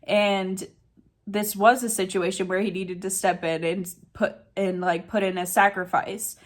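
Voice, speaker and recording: A woman's voice: mid-range voice, little pitch movement, unhurried. A woman recapping a manga chapter in casual chat, chatty and emotional, saying "like" often. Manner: chatty and emotional, says "like" a lot.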